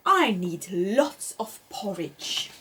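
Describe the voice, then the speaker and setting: A woman's voice: mid-range voice, very animated, extremely slow, bright, forceful tone, a little hiss or hum, heavily acted. A woman voicing a fussy, tidy male rabbit in a storybook read-aloud, grumbling and exclaiming. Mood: excited.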